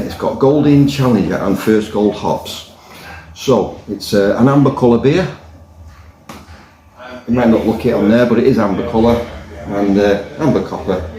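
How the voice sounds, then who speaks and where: A man's voice: on the low side, warm tone. A man reviewing a pint in a pub, chatting in a rambling, jokey way. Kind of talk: casual review with a joke. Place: indoors in a pub by the fire. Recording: roomy pub echo.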